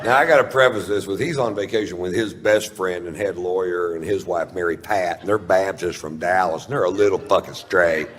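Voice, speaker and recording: A man's voice: deep voice, brisk, few pauses, a bit bright, in a large hall, a little hiss or hum. A man telling a long profane story in stand-up, rambling and self-mocking, on a live stage. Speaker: stand-up comedian.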